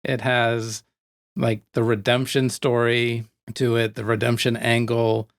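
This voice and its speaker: A man co-hosting a movie podcast, talking in a relaxed, easygoing way. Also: mid-range voice, unhurried. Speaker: podcast co-host. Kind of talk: casual movie chat.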